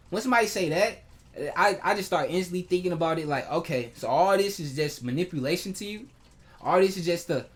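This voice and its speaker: A man's voice: high voice, fairly bright tone. A man venting in a personal vlog, heated and hurt, swearing freely and restarting his sentences often. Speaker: vlogger. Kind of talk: emotional personal vlog rant.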